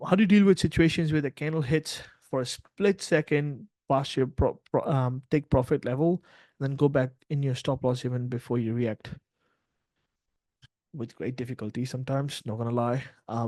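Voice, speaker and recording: A man's voice: medium pitch, no echo. Blunt, profane man, dry close sound. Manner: blunt and profane, animated, acts out quotes. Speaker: trading mentor. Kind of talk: casual livestream talk.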